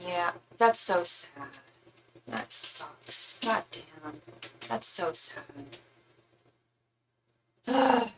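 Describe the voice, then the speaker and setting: A woman's voice: lowish voice, very animated, very slow, long pauses, slight background noise, low-quality recording. A young woman giving a live-stream tarot reading, talking casually in slangy, emphatic bursts and often restarting her sentences. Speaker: tarot reader.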